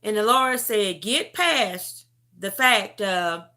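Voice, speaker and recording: Slow, earnest woman giving testimony. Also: medium pitch, expressive, sharp tone. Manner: earnest, halting, repeats herself. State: tearful at times. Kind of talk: emotional religious testimony.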